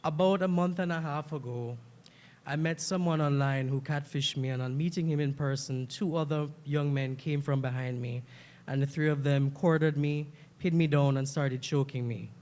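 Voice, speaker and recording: A young man from Jamaica, a diplomat, giving a formal prepared speech at a podium in a measured way. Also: on the high side, steady tone, a little mellow. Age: young adult.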